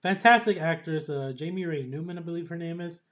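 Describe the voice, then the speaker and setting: A man casually reviewing a TV series in a rambling, excitable way, often laughing and trailing off with fillers. The recording is dull and lo-fi. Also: a little high, a little fast. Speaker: TV show reviewer.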